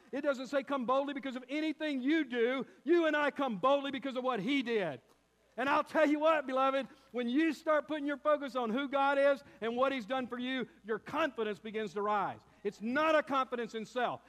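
A man's voice: very high-pitched, long reverb tail. A man preaching a sermon as pastor, building emphasis and calling his listeners beloved.

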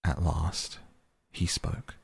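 Deep raspy guy reading a storybook, slow. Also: dry recording. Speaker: narrator.

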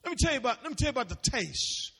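A man preaching a sermon as pastor, calling out questions for the congregation to answer and sometimes shouting. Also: very high-pitched, very animated, racing, creaky, slightly rough. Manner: preachy call-and-response, rising to shouts. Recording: long reverb of a large hall.

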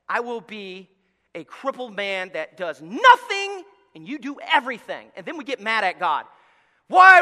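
A man preaching a sermon as pastor, telling the story with acted-out voices, going from quiet asides to loud shouts. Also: high-pitched. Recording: long hall reverb.

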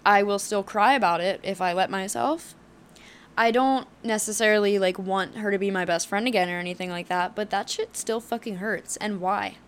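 A woman's voice: mid-range voice, normal speed, clear, resonant tone. A woman in her twenties hosting a solo podcast, talking candidly and heatedly, swearing often, with plenty of fillers. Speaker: podcast host.

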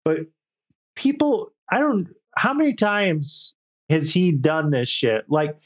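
A young man tells a story in casual, profane podcast chat. His voice sits a little high, and he slips into quick impressions of the people he quotes. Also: big pitch swings. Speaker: podcast co-host.

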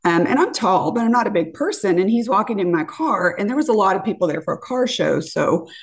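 A woman in her fifties telling a dating story in casual chat, acting out what people said with lively jumps in pitch. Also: fairly quick. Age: 50s. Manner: animated, acts out quotes with lively pitch jumps. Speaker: podcast guest.

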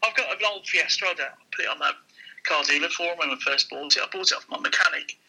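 A man, a former car dealer, telling animated anecdotes in casual conversation and voicing the people in them. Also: fairly high pitch, breathy edge, rough recording. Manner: animated, quick anecdote with voiced quotes. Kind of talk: casual storytelling.

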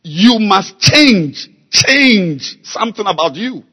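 A man preaching a sermon, slow and emphatic, repeating key words and building to loud exhortation. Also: high voice, animated, breathy edge. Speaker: pastor.

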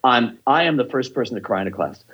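A man's voice: medium pitch, expressive, fast talker, slightly rough, dull audio. A man who teaches improv, telling stories in a casual interview, passionate and full of swearing. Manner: profane, passionate storytelling.

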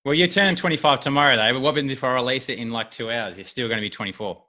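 A man's voice: medium pitch, very fast, pushed and bright. A man hosting a podcast, chatty and upbeat with many fillers. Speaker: podcast host. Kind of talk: casual podcast interview.

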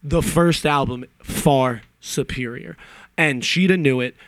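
Speaking slowly in a slightly high voice, a man rants about a movie on a podcast, casual, profane and full of opinions. He keeps drifting into side stories. There's no echo on the recording.

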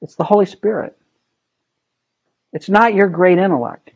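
A man's voice: sits high, normal speed, creaky, darkish tone, dull audio. A man leading a casual Bible study, talking through the text conversationally and asking his group questions. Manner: conversational, asks the group questions, many ums and rights.

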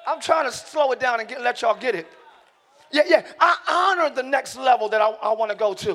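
A middle-aged man preaching a sermon in a church, shouting key lines and slowing down for emphasis while joking with the congregation. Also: very high-pitched. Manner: joking, talks directly to the congregation. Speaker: pastor. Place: church sanctuary.

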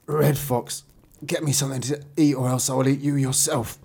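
A man's voice: mid-range voice, steady tone, moderate pace, vocal fry, a little mellow, breathy edge. A man voicing a greedy, clumsy wolf who whines and makes demands. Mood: demanding. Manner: whiny and demanding.

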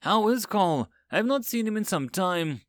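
A man's voice: high voice, lively intonation, moderate pace, no room sound, voice pushed up. Stern robot boss, exasperated, audiobook, voiced by a male narrator, dry close read. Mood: disapproving. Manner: exasperated, disapproving.

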